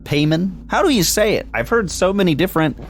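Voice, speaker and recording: A man co-hosting a casual film podcast, chatty and quick to laugh while he recaps the plot. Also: high voice, very animated. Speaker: podcast co-host.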